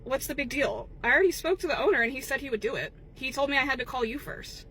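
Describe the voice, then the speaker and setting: A woman's voice: high voice, fast, fairly bright tone, a little hiss or hum. A woman playing a pushy, entitled catering customer who is curt and dismissive.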